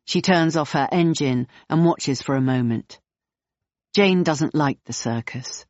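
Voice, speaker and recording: A woman reads a novel aloud in the third person, steady and clear. The recording sounds dull and muffled, with no room echo. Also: low voice, a little slow. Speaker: audiobook narrator. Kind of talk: third-person audiobook narration.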